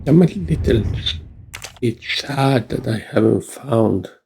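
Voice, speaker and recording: A man's voice: mid-range voice, animated, slow, vocal fry, darkish tone, a little hiss or hum. A man hosting a game playthrough, commenting in a musing, playful way. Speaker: gaming channel host. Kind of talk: let's-play commentary.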